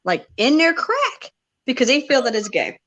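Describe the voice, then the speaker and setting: A woman with a high, bright voice that swings up and down a lot hosts a casual podcast chat. She talks in an animated, profane way and laughs often. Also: moderate pace, dull audio. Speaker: podcast host.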